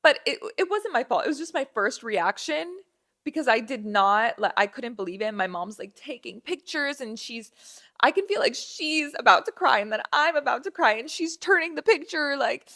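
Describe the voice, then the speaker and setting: A woman's voice: high-pitched, moderate pace. A young woman hosting a podcast, telling a casual story with lots of fillers and restarts, acting out the people in it. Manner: animated, acts out dialogue, many fillers and restarts. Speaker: podcast host.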